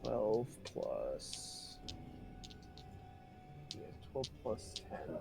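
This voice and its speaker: Man, tabletop player, hesitant, slow-talking, lively intonation. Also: mid-range voice, creaky, over music. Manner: hesitant, thinking aloud with many ums. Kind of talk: casual rules chat during play.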